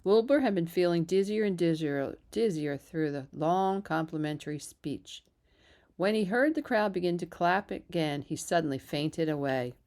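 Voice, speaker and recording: A woman's voice: on the low side, moderate pace. Woman reading a children's book aloud. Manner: steady, even narration with small slips. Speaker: reader. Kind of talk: storybook read-aloud.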